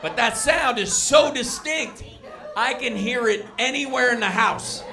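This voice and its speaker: A man performing a stand-up comedy set in a restaurant, telling exasperated stories with loud bursts. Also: very high-pitched, unhurried, over music. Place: restaurant comedy show with live crowd. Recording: live room with crowd noise.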